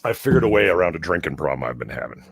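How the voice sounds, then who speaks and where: A man's voice: a bass voice, sing-song, very fast, gravelly, breathy edge, no room sound. A tipsy man chatting as a guest on a casual stream, joking and telling stories.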